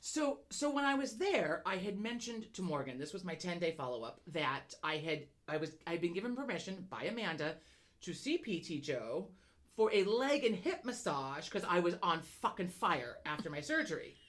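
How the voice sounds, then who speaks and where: Woman, lowish voice, casual chat co-host, profane, rambling, laughs often. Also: normal speed. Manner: profane, rambling, animated storytelling with many restarts; frequent laughter. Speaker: podcast co-host.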